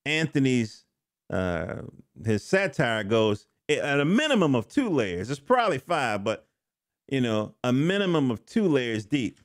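A man's voice: medium pitch, very animated, measured pace, no room sound, studio quality. A middle-aged man casually reviewing a comic book, rambling with joking asides and self-corrections. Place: home studio.

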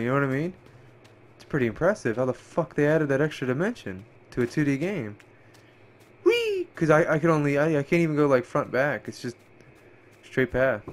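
A man giving profane, excitable running commentary while playing a game, often yelping and exclaiming. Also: fairly high pitch. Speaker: gameplay streamer. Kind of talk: let's play commentary.

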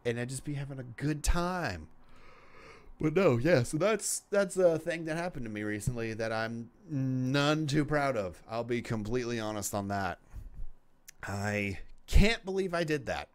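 On his solo podcast, a man chats casually into a podcast microphone, rambling along with lots of swearing and filler words. His medium-pitched voice is expressive, and he speaks at a measured pace.

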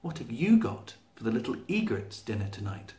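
A man doing a calm, low kudu judge. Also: moderate pace, natural voice. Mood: asking. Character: calm male kudu antelope, fair judge. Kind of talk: storybook reading. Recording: echoey room.

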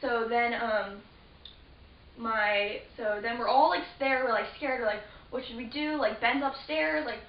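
A teenage girl with a fairly high voice rambles through a story, stacking fillers and restarting her sentences. She sits some way from the mic in a roomy space. The sound is dull and lo-fi under a faint hiss. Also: steady tone, unhurried, far from the mic. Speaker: vlogger. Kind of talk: casual storytelling to camera.

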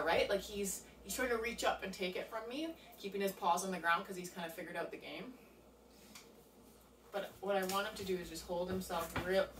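A woman's voice: medium pitch, a bit bright, slight background noise. A woman dog trainer casually explaining a training session step by step while she works at home. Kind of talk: casual hands-on training demonstration. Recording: roomy, distant sound with faint ambience.

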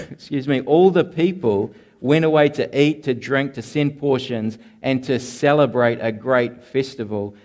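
A man preaching an expository sermon, earnest and deliberate, slowing down to stress key lines and sometimes repeating words as he restarts a phrase. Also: mid-range voice, a little mellow. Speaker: pastor.

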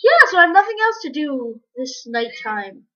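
A woman giving casual, rambling commentary while playing a game, breaking into sudden excited yelps. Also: high-pitched, moderate pace. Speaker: gamer. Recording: dull lo-fi recording.

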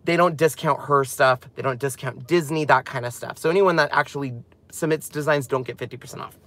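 A man presenting a craft channel, chatting casually and rambling excitedly as he walks through a product. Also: medium pitch, brisk, no room sound.

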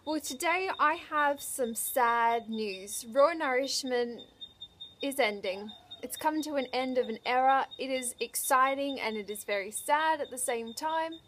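A woman talking unscripted to camera in a vlog, emotional and choked up, often halting and restarting her sentences. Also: sits high, fairly bright tone, slight background noise. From Australia. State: tearful. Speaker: vlogger.

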